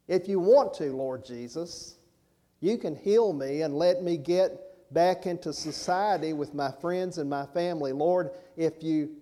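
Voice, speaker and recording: Male preacher, slow unhurried delivery, warm mellow tone, conversational sermon. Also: on the high side.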